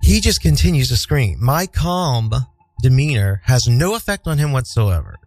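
A man's voice: mid-range voice, sing-song, normal speed, a little mellow, no room sound, faint music behind, poor audio. A man from the American Midwest telling a story to his viewers, dry and sarcastic with frequent profanity. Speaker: vlogger. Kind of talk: casual storytelling to camera.

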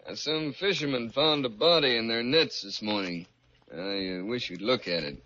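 An actor playing an easygoing, matter-of-fact army colonel in an old-time radio drama. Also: male voice, mid-range voice, normal speed, bright, forceful tone, lightly acted. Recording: muffled old radio recording.

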